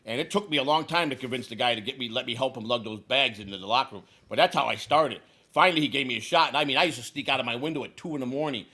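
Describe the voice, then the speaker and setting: Speaking very fast at medium pitch, a man in his sixties from Chicago relates a long tale in a casual, foul-mouthed way. He animatedly acts out what each person in it said.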